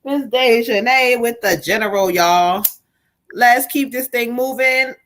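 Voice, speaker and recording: A woman's voice: a little high, a little slow, fairly bright tone. A woman hosting a live tarot reading, blunt and emphatic and full of profanity. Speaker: livestream host and tarot reader.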